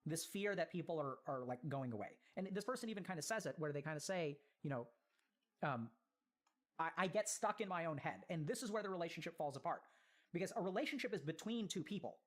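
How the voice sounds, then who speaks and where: Fast-talking earnest mental health commentator. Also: mid-range voice, animated. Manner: earnest, explanatory, fills with "like" and "right?". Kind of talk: explaining a viewer's letter in a video.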